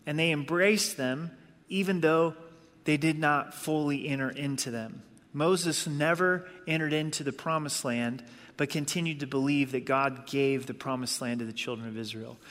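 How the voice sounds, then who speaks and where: Pastor guy preaching, kinda high voice, earnest and chatty, big echoey church hall. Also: moderate pace, fairly bright tone. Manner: earnest, conversational preaching with emphatic repetition. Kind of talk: sermon. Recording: long hall reverb.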